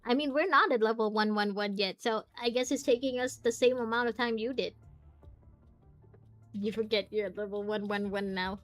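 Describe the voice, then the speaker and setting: Brief: woman streamer, higher voice, reacting loudly to gameplay and reading story text aloud, faint music under her. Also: moderate pace. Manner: reactive, exclaims and groans at the game. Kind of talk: live gameplay commentary. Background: faint game music.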